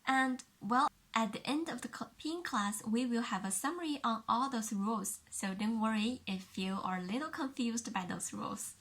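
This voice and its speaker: A woman with a Chinese accent teaching a pinyin lesson, explaining sounds slowly and carefully and repeating each one for the learner. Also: a little high, fairly bright tone. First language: Mandarin Chinese.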